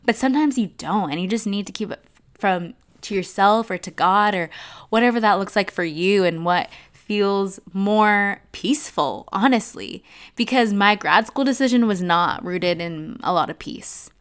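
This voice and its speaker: Young woman, podcast host and life coach, heartfelt and direct, smooth clear voice. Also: mid-range voice, normal speed. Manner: earnest, heartfelt, addresses listeners directly. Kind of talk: personal podcast monologue.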